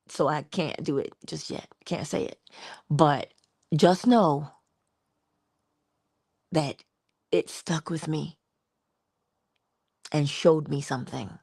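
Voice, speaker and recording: Woman hosting a morning inspiration livestream, low voice, dry close sound, musing and affectionate. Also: no room sound. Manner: musing, affectionate, drifts between hushed asides and bursts of laughter. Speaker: livestream host. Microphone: livestream mic.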